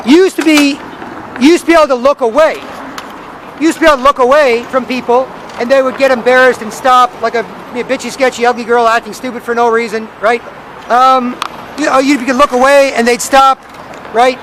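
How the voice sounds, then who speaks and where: A man's voice: very high-pitched, a bit bright, rough recording. A man vlogging on a downtown street corner, ranting and repeating himself in a rambling monologue. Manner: repetitive, ranting, acts out other people's voices. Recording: faint traffic noise outdoors.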